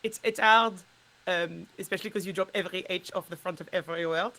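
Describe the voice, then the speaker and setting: Bright-voiced woman chatting. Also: on the low side, fast talker, rough recording. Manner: animated, laughs often. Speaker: guest. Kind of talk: casual chat about accent work.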